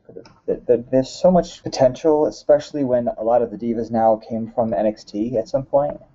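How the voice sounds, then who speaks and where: A man hosting a casual podcast, rambling with lots of "uh"s and quick laughs. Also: mid-range voice, mellow, dull audio. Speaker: podcast host. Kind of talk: casual chat.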